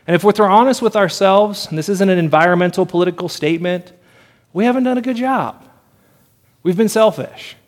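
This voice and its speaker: A man's voice: sits high, brisk. A man preaching a sermon to a congregation, earnest and building his points through repeated phrases. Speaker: pastor.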